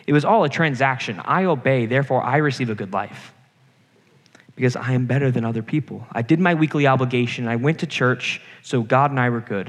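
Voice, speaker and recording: A young man giving an earnest sermon to a campus group, telling stories from his own life. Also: mid-range voice. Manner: earnest, personal storytelling preacher. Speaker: campus ministry speaker. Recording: reverberant hall.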